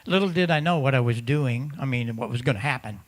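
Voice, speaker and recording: With a mid-range voice and a fast delivery, this man gives an emphatic talk at a ham radio symposium. Facing an audience of ham operators in a conference room, he repeats words to stress them and performs the voices of other hams.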